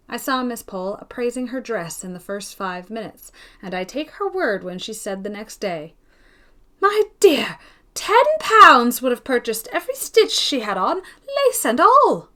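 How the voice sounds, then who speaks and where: A woman reading a classic novel aloud in an even, gentle storytelling manner. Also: mid-range voice. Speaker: narrator of an audiobook. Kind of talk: scripted audiobook narration.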